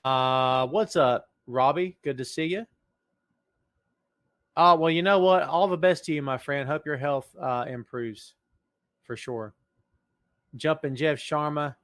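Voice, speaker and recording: A man's voice: on the high side, measured pace, pauses often, a bit bright, dry recording, clean studio sound. A man hosting a casual podcast livestream, joking around and greeting viewers in the chat by name. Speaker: podcast host.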